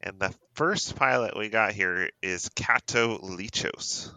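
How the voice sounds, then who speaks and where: Deep, bright-toned podcast host. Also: male voice, slow pace, dry recording, rough recording. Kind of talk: casual podcast chat.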